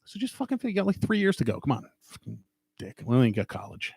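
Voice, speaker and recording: A man's voice: medium pitch, huge pitch swings, quick pace, creaky, darkish tone, breathy edge, dry recording. A middle-aged man with a New York accent, swearing freely and teasing in casual podcast banter. His voice sits in a middle register and rises and falls a lot. The sound is close and dry. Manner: profane, teasing, wisecracking. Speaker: podcast host.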